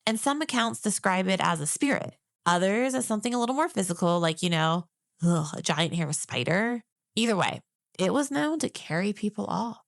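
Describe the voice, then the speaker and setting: A woman's voice: mid-range voice, expressive, normal speed, vocal fry, no room sound, studio quality. A woman co-hosting a podcast in a casual chat, telling facts and laughing often. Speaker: podcast co-host.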